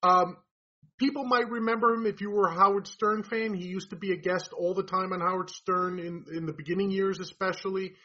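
A man's voice: high voice, steady tone, fairly quick, pushed and bright. A man with a New York accent, a podcast guest telling stories in casual conversation. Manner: storytelling, explaining. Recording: dull lo-fi sound.

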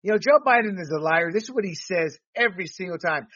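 A man hosting a political commentary podcast, talking in an animated, rambling way with restarts and laughs. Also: high voice, fast talker. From Latino background. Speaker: podcast host. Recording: dull lo-fi sound.

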